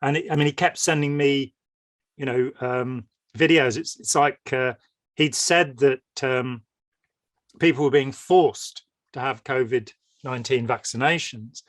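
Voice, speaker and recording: A man's voice: medium pitch, measured pace, no room sound. A man speaking as a podcast guest in a discursive, meandering way, with many ums, often acting out quotes. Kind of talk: conversational interview chat.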